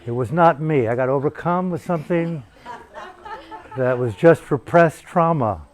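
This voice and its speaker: A man's voice: a little high, a little slow, some chatter behind. Provocative, swearing male meditation teacher. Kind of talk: profane dharma talk. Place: retreat hall in Bali.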